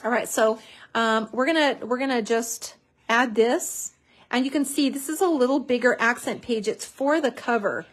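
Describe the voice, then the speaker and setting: A chatty woman hosts a live craft tutorial with a bubbly, easygoing manner. Her voice sits a little high, and she leans on fillers as she talks.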